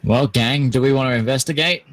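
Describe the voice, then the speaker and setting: A man's voice: mid-range voice, a little fast, dry recording, rough recording. A man playing a tabletop game, asking casual questions of the game master. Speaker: player.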